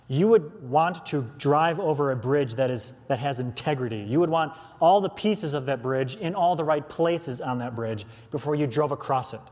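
A man's voice: a little high, lively intonation, normal speed, few pauses, darkish tone. A man preaching an earnest expository sermon, restarting phrases as he works through a text. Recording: long hall reverb.

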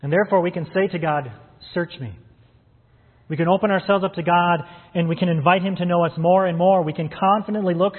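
Pastor guy preaching earnestly, kinda husky, sounds thin like over a phone in a big echoey church. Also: high-pitched, steady tone, fast talker, few pauses. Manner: earnest, addresses listeners as friends. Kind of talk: sermon. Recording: phone-like sound in a reverberant hall.

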